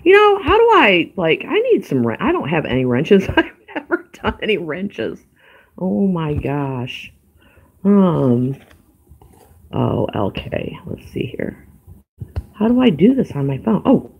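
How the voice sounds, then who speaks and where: A woman's voice: low voice, vocal fry, slightly rough, lo-fi sound. A woman hosting a casual livestream, ranting in an exasperated, profane way with sighs and asides to viewers. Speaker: livestream host.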